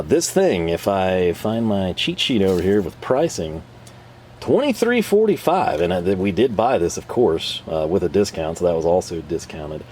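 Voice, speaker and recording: A man's voice: low voice, dark tone, slight background noise. A man casually reviewing tools for his channel, rambling and self-deprecating with frequent chuckles. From North America. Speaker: tool reviewer and channel host.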